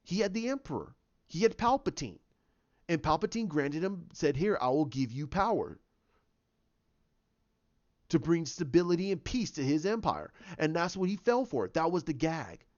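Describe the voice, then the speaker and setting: A man's voice: on the high side, sing-song, moderate pace, muffled recording. A man giving an opinionated, emphatic movie review, often repeating himself. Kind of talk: casual movie review rant.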